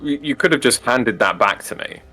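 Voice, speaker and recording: A man's voice: medium pitch, expressive, fairly quick, sharp tone, faint music behind. A man playing a tabletop game, speaking in dry, curt lines. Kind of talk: casual in-character play.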